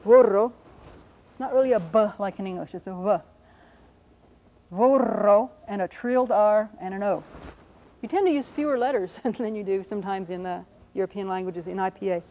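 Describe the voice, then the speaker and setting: Quick-paced and mellow, a woman's mid-range voice leads a whiteboard lesson in linguistics over rough audio. She patiently says example words aloud and corrects herself, apologizing for each slip.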